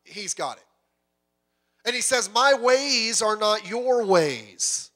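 A male pastor preaches with a high, bright, ringing voice. He is animated and acts out the voices in his story. He sometimes drops to a soft, quiet voice to drive a point home. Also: slow. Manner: animated preaching, acting out voices of people and God. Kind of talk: sermon.

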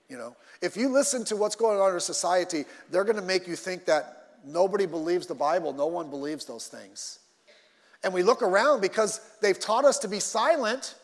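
A male pastor preaching a sermon in an animated way, repeating himself and swinging between loud and soft. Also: high-pitched, long reverb tail.

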